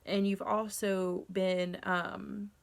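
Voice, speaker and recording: A woman's voice: mid-range voice, level tone, drawn-out words, creaky. A young woman giving a casual tarot reading to camera, candid and rambling, with frequent ums and self-corrections. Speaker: tarot reader.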